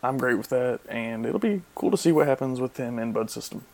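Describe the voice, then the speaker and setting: A man's voice: mid-range voice, a little fast, a little mellow. A young man who is a guest on a casual podcast, speaking in a dry, offhand way.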